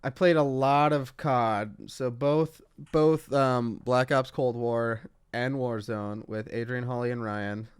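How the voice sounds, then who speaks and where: A man's voice: mid-range voice, steady tone, takes it slowly, hardly any pauses, clear, resonant tone. A young man co-hosting a casual podcast, rambling with lots of fillers and laughing easily. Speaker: podcast co-host.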